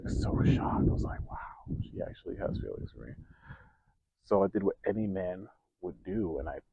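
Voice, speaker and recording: A young man telling stories from his life in a casual vlog, animated, laughing and growing loud when excited. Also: sits low, slightly rough, dry recording, muffled recording. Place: outdoors.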